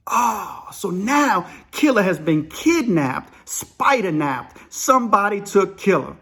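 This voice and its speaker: Male storyteller, high pitch, animated and conversational, acts out every quote. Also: slow pace, hardly any pauses, slightly rough. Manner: animated, acts out quoted dialogue, peppers speech with "man" and "you know". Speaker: storyteller recalling prison life. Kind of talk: casual spoken storytelling.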